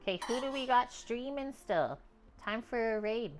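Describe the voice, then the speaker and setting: A woman's voice: a little high, expressive, normal speed, background noise. A woman from Canada hosting a cooking livestream from her home kitchen, talking in a loose, chatty way with lots of filler words. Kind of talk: casual stream chat.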